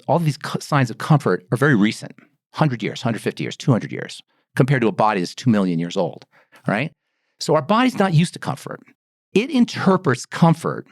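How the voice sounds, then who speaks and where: A middle-aged man talks in a very lively, swooping voice, full of rhetorical questions and acted-out exclamations. He is explaining skin care as a pharmacist and formulator. The sound is dry and close, with no room around it. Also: medium pitch, dry recording. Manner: animated, rhetorical, acts out exclamations. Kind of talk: explanatory podcast talk.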